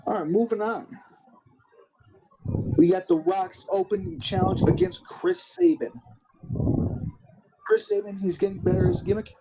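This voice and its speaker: A man's voice: high voice, very animated, unhurried, gravelly, pauses often, background noise. A young man giving a casual, rambling recap of a wrestling game, swearing often and restarting his sentences. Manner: rambling, profane, full of restarts and 'like'. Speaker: game commentator.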